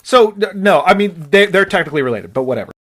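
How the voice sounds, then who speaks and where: A man's voice: sits high, lively intonation, fast talker, a bit bright. A man co-hosting a podcast in casual chat, rambling and thinking aloud with restarts. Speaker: podcast co-host.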